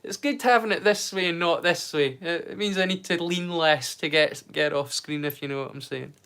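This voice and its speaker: Chatty Scottish man, slightly high voice. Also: normal speed, fairly bright tone, a little hiss or hum. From Scotland. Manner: rambling, repeats words when starting sentences. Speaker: livestream host. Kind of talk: casual livestream chat.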